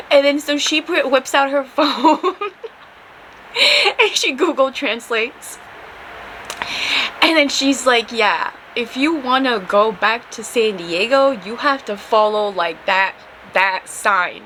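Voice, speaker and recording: Animated young woman telling a story. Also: high voice, a little slow, slight background noise, rough recording. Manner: animated, swears, acts out quotes. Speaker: podcast host. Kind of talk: casual storytelling.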